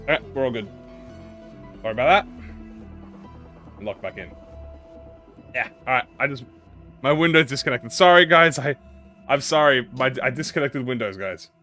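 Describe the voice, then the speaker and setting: A man's voice: medium pitch, expressive, unhurried, pauses often, fairly bright tone. A young man streaming a video game, chatting casually with his viewers in a rambling, self-mocking way. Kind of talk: casual gameplay commentary to chat. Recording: game music behind voice. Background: game music.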